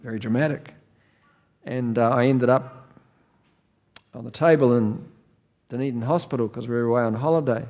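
An older New Zealand man preaching with an easy, anecdotal delivery. His voice sits at an ordinary middle pitch, and he chuckles through his stories while making his points. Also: moderate pace, long pauses, long reverb tail, dull audio. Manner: folksy storytelling, chuckles often. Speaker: pastor. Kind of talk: sermon.

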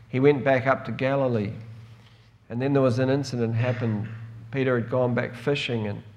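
A man's voice: medium pitch, darkish tone. An older man preaching a sermon, telling a story with emotive quoted dialogue.

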